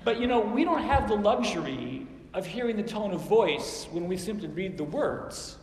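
High-voiced man preaching in a hall. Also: big pitch swings, moderate pace, a little mellow. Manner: conversational, acts out quoted lines in different tones. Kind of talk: sermon. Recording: echoey hall with faint background noise.

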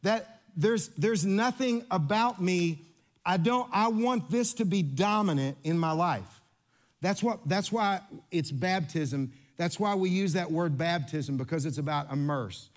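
Male pastor, high-pitched tenor, playful and interactive sermon delivery in a church. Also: a little slow. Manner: lively, interactive, playful with congregation. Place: church sanctuary.

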